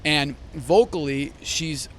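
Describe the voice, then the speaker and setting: A man, a bass player, talking in a casual backstage interview, enthusiastic and rambling with restarts. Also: slow pace, a little hiss or hum. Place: backstage at a concert venue.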